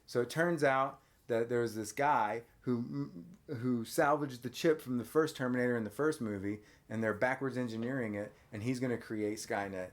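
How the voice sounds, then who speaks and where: A man hosting a casual podcast, animatedly retelling a film scene by scene and briefly acting out characters' lines in quick voices. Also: medium pitch. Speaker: podcast host. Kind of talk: casual movie recap chat.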